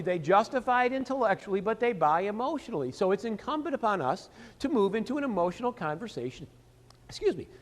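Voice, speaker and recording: Sales trainer, male, high lively voice, reverberant hall. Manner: animated, rhetorical questions and answering himself. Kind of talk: seminar lecture.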